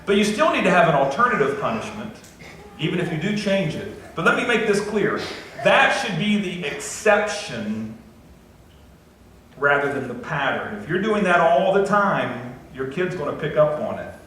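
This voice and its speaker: Folksy preacher in an echoey church. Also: male voice, on the high side, very animated, moderate pace, a bit bright, slight background noise. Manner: folksy, conversational preaching with self-deprecating asides. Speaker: pastor. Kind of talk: sermon. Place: church sanctuary. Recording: echoey church recording from a distance.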